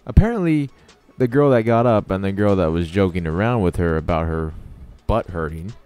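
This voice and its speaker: A man's voice: low-pitched, lively intonation, normal speed, dark tone, smooth, soft background music. Sarcastic young man ranting. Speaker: channel host. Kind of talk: storytelling over gameplay.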